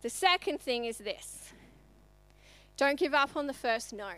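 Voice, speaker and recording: A woman in her thirties speaks from the church stage, telling a personal story to the congregation. Her voice sits high and bright, and her delivery is chatty and animated. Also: a little slow. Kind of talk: sermon testimony.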